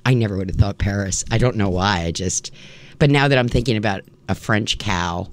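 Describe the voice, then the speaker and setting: A woman hosting a radio music show in casual on-air chat, playful and quick to laugh between songs. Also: rumbling low, no room sound. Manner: chatty, laughs easily, playful asides. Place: radio studio. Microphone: studio microphone.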